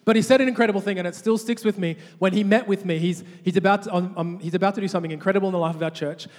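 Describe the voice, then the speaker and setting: High-voiced male pastor in a hall. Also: racing. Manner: animated, repeats words when restarting. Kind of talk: sermon with call-and-response. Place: large church hall. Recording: long hall reverb.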